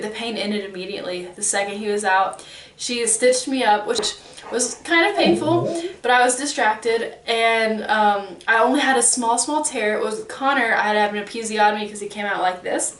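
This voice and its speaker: A woman in her thirties tells a personal story in a casual, animated way, slipping into the voices of the people she quotes. Her voice sits on the higher side. It sounds recorded in a roomy space with the mic set back from her. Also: distant mic. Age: 30s. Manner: animated, acts out quoted exchanges. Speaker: vlogger.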